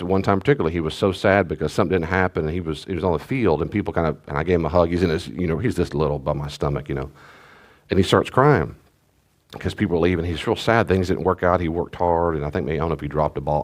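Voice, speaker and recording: A man's voice: low-pitched, quick pace. A middle-aged man, a pastor, teaching in a conversational, rambling way with restarts and asides. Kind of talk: sermon-style teaching talk.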